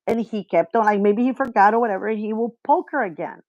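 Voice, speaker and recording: A woman in a casual chat telling a story, rambling with many fillers and getting animated as she retells events. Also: mid-range voice, quick pace, no room sound, lo-fi sound.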